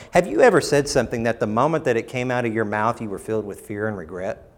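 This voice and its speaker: Talking fast and expressively, a male pastor delivers his sermon in emphatic bursts that give way to low, quiet tones. He sometimes performs quoted lines using mock voices.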